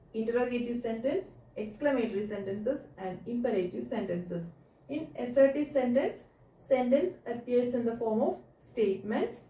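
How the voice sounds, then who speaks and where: Woman teacher going thru grammar examples, bit high mellow voice, echoey room, mic a bit far off. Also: slight background noise. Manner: explains step by step, asks checking questions. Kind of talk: recorded grammar lesson.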